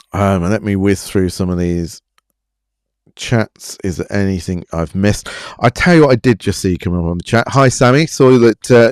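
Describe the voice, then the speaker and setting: Male live-stream host, low voice, dry close sound, chatty and self-mocking. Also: a little mellow, clear, resonant tone, dry recording. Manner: chatty, self-deprecating, reading out chat. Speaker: show host.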